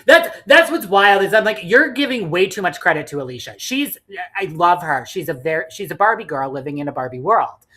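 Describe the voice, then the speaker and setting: Low-voiced woman bluntly recapping reality TV. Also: fairly quick. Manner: blunt, animated, swears freely. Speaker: podcast co-host. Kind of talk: casual reality TV recap chat.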